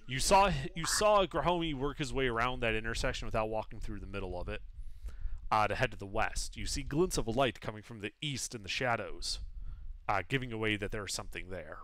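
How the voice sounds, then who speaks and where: A man narrating as game master, giving rulings in a lively, steady way. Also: on the low side, brisk.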